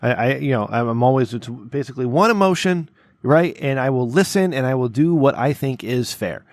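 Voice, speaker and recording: A man's voice: medium pitch, lively intonation, brisk, no room sound. Chatty man with dry close sound. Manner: rambling, repeats words, checks in with "okay?" and "right?". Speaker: podcast co-host; workplace boss. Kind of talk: casual storytelling chat.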